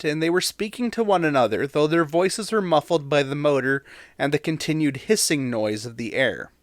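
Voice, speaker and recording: A man's voice: fairly high pitch, fairly bright tone, no echo, clean studio sound. A man co-hosting a podcast, recounting a story in a chatty way with fillers and reading quotes aloud. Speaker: podcast co-host.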